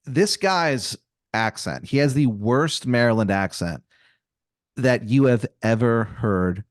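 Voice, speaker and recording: A man's voice: medium pitch, animated, takes it slowly, no room sound, studio quality. A man improvising a comedy story on a podcast, casual and profane, rambling with fillers. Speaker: podcast co-host.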